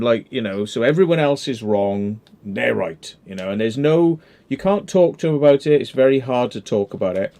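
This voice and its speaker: A man's voice: mid-range voice, warm tone. A man with an ordinary mid-range voice hosts a casual online chat. He rambles, trails off and jokes about his beer, dropping the odd swear word along the way. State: drinking beer. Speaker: host.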